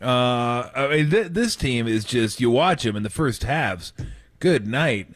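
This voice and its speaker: A man hosting sports talk radio, easygoing and conversational with the odd chuckle. His voice is mid-pitched. He is recorded close and dry in a studio. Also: expressive, a little slow, a bit bright, dry recording.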